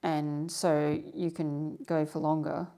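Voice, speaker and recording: A woman's voice: sits low, level tone, takes it slowly, warm tone. A young woman hosting a live stream, chatting casually and reading out viewer comments with lots of fillers. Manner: rambling, filler-heavy, reads comments aloud. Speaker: livestream host.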